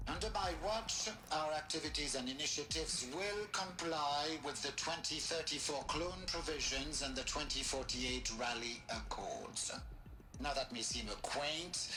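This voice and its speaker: A man's voice: medium pitch, close to an everyday voice. An actor playing a formal, precise male scientist who directs a program in a video game. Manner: formal, precise, speech-like delivery. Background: game music.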